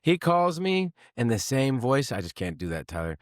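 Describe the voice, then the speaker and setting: A man's voice: medium pitch, moderate pace, no echo. Man, podcast host, easygoing, reminiscing, dry close sound. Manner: relaxed, reminiscing, chiming in. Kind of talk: casual chat.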